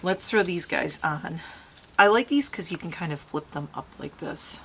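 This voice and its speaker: A woman's voice: low-pitched, animated, moderate pace, slight background noise. A woman chatting casually with her viewers as she does her makeup outdoors in a light breeze. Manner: chatty, bubbly, talks to viewers while doing makeup. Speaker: beauty vlogger. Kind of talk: casual makeup tutorial chat.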